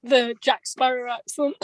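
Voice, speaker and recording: Chatty higher-voiced woman. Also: big pitch swings, slow pace, no echo, rough recording. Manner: chatty, laughs often, many fillers. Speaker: podcast guest. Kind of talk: casual chat.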